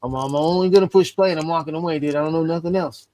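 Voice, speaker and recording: A man's voice: fairly high pitch, quick pace, dark tone. A man hosting a stream, telling a long, rambling story in casual, profane chat and acting out the voices of the people in it. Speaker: stream host.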